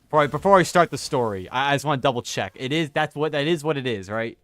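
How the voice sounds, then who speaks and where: A man's voice: medium pitch, animated, fast, a bit bright, no echo. A young man chatting casually while playing a game, rambling and correcting himself as he tells stories. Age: young adult. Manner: rambling, self-correcting, chuckling storyteller. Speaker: gaming streamer. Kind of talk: casual chat while gaming.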